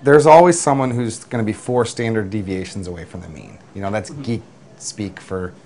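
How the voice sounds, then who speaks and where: A man who runs a delivery business, telling lively work anecdotes in an interview, with restarts and acted-out quotes. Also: lowish voice, moderate pace. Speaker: food delivery business owner. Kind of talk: interview storytelling.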